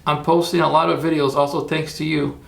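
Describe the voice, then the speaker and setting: A man's voice: a little high, level tone, a little fast, vocal fry, fairly bright tone. A man hosting a casual livestream, chatty and rambling as he talks viewers through his steps and cheers them on. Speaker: livestream host.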